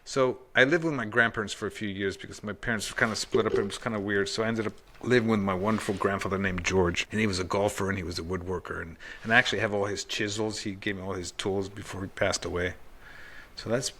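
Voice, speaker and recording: A man's voice: fairly low pitch, fairly even intonation, quick pace, a bit bright, slight background noise. A man hosting a podcast, chatting casually and rambling through personal anecdotes. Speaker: podcast host. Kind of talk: casual conversation.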